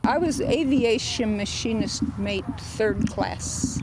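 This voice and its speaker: A woman's voice: fairly high pitch, expressive, slow, over a noisy crowd. A woman in her nineties, chatty and chuckling, interviewed outdoors on a golf course. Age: 90s. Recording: noisy outdoor field recording.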